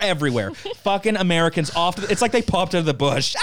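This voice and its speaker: A man's voice: fairly high pitch, big pitch swings, quick pace, few pauses, a bit bright. A young man from Ireland, a podcast guest, telling a story in casual chat, acting out quotes, swearing freely and laughing often.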